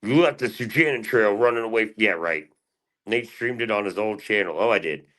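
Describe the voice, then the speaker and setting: Low-voiced man trash-talking on a livestream. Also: normal speed, a bit bright. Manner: taunting, profane trash talk. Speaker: livestream host. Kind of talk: heated livestream banter.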